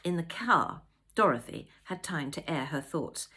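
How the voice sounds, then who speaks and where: A woman author reading her own novel aloud, with expressive, measured storytelling. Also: low-pitched, breathy edge.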